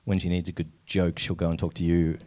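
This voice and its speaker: A man's voice: low-pitched, level tone, fast, warm tone. A man hosting an interview, asking questions and trading self-mocking jokes with his guest. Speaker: host. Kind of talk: conversational interview.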